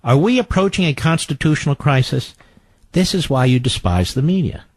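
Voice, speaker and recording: A fired-up male talk radio host with a fairly high, wildly swooping voice, recorded close and dry in a studio. He is sarcastic and combative, and he mocks opponents by mimicking them. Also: animated, moderate pace, no echo.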